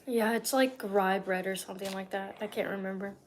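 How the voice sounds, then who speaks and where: A woman's voice: mid-range voice, fairly even intonation, fairly quick. A woman joining her sister on camera, chatting and teasing with light laughter. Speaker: host's sister. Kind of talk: casual chat.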